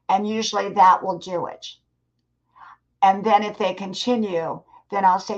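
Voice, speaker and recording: Older woman, live-stream host, earnest motivational advice, mid pitch, dull lo-fi audio. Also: fairly even intonation, a little slow. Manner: earnest, advising, addresses chat viewers directly.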